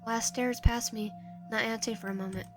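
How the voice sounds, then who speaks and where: A woman's voice: on the high side, fairly even intonation, fast talker, over music. Woman reading a visual novel aloud. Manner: reads narration with frequent restarts and stumbles. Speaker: game streamer.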